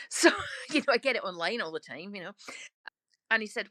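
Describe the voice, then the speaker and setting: A Scottish woman in her sixties talking in an interview, emphatic and outspoken with quick laughs. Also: medium pitch, expressive, sharp tone, dry recording. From Scotland. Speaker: interviewee, author turned lorry driver. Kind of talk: casual interview talk.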